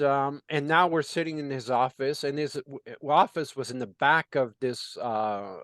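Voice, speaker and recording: A man's voice: mid-range voice, fairly bright tone, no room sound. A man working as a business consultant, telling a story in conversation and acting out the dialogue with lots of "you know" fillers.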